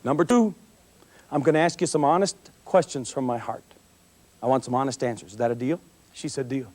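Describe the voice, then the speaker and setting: A middle-aged police officer gives a motivational talk to a school assembly, his voice medium-pitched and brisk. He's an animated storyteller, acting out his stories for the students with plenty of humor.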